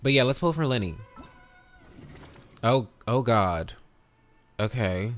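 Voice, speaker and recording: A man's voice: mid-range voice, expressive, slow, faint music behind. A man streaming a video game live, chatting casually and upbeat, greeting viewers by name and swearing now and then.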